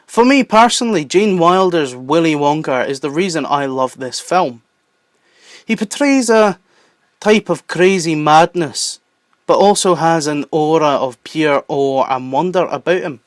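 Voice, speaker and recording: A young man with a Southern English accent narrates a countdown video, breaking into playful, excitable asides. His voice sits a little high. The recording is dry and close, with no room sound. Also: measured pace, no room sound. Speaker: YouTube host. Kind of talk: enthusiastic list-video narration.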